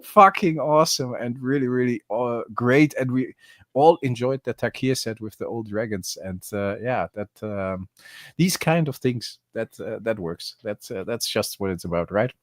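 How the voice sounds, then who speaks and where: A man's voice: medium pitch, normal speed, dry recording. A middle-aged man with a German accent who hosts a card game channel, chatting casually and rambling on a live stream with friends, full of fillers and restarts. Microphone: video call.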